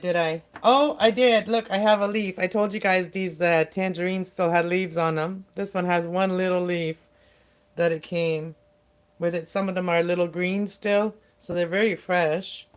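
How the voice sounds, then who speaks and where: A middle-aged woman chats loosely on her livestream, wandering from thought to thought and stopping to restart. Her voice sits a little low and comes through smooth and clear. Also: fairly even intonation. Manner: rambling, halting, with many fillers and restarts. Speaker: livestream host. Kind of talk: casual livestream chat.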